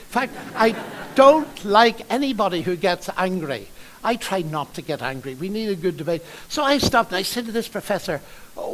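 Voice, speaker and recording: An older man giving a lively, conversational public lecture in a large university hall, telling stories and asking the audience rhetorical questions. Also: high voice.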